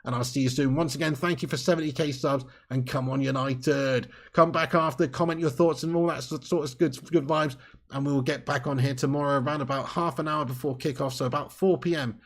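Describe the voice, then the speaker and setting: A man's voice: medium pitch, fairly even intonation, fairly quick. A man hosting a live fan stream, chatting, joking and thanking viewers by name. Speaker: fan channel host.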